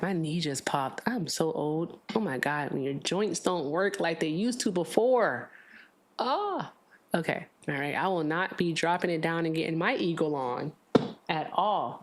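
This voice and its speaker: A woman hosting a live political call-in stream, chatting casually and tossing in sarcastic asides. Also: low voice. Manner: chatty, sarcastic asides while reading aloud. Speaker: livestream political debate host. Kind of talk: casual livestream talk.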